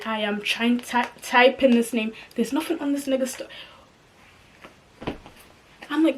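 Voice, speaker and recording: Young woman, slangy storytime vlog, lively retelling, fairly high voice. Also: normal speed, pauses often, slight background noise. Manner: animated, slangy, acts out dialogue. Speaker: vlogger.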